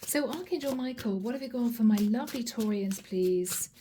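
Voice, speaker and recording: A woman's voice: a little high, moderate pace, warm tone, a little hiss or hum. A woman reading tarot cards to camera in a chatty way, calling her viewers guys. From Europe. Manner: chatty, addresses viewers as guys, acts out quoted lines. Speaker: tarot reader.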